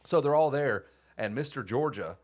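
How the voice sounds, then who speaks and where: A man's voice: medium pitch, expressive, moderate pace, darkish tone. A man hosting a podcast, telling a long story in a rambling, laughing way with plenty of swearing. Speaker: podcast host. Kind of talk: casual storytelling chat.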